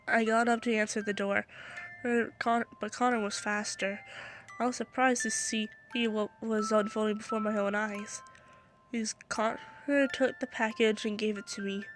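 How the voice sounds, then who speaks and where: A woman's voice: fairly high pitch, steady tone, moderate pace, soft background music. A young woman reading a fan story aloud into her phone, stumbling and restarting often, her throat scratchy. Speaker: story reader.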